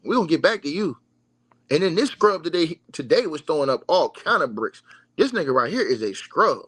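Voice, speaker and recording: A man's voice: on the high side, very animated, a little fast, fairly bright tone, husky, no room sound. A man hosting a livestream, giving a mocking, repetitive sports rant straight to his audience. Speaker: livestream host. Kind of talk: animated sports rant to viewers.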